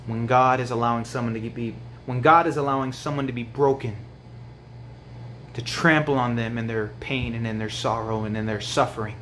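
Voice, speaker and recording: A man preaching a sermon to other men, swinging from hushed, low lines to loud, pleading highs. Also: fairly even intonation, normal speed, slight background noise.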